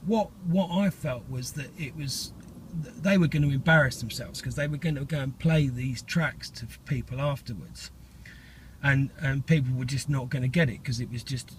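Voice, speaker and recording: A man's voice: medium pitch, moderate pace, a little hiss or hum. A middle-aged man, talking in a casual, rambling vlog monologue full of fillers and restarts.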